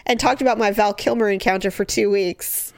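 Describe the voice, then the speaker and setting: A woman's voice: medium pitch, a little fast, creaky, no echo. Chatty woman host, dry close sound. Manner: chatty and animated, frequent "you know" and "like". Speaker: podcast host. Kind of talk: casual chat, reading listener stories aloud.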